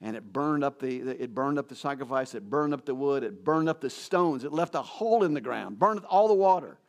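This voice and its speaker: A man's voice: mid-range voice, animated, a little fast. A man preaching a sermon, retelling a Bible story in a conversational way and acting out the quotes, with fillers and restarts. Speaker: pastor.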